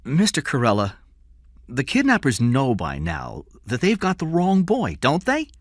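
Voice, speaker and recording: A man's voice: medium pitch, wildly swooping pitch, unhurried, no echo, clean studio sound, voice pushed up. A man reading aloud and voicing a worried wealthy woman who asks anxious questions. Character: worried wealthy wife and mother.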